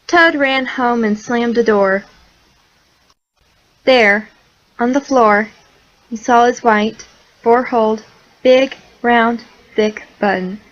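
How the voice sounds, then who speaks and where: A woman reads a children's picture book aloud, taking her time over each line. Her voice sits a little high and moves slowly and gently. The recording is dull and lo-fi. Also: steady tone. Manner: slow and clear, gentle storytelling. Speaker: storybook reader.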